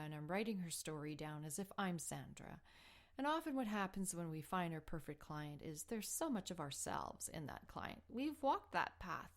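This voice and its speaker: A woman hosting a spiritual healing show, telling a personal story in an earnest, heartfelt way, sometimes dropping to a soft whisper. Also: lowish voice, gravelly. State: emotional while telling the story. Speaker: spiritual healing podcast host.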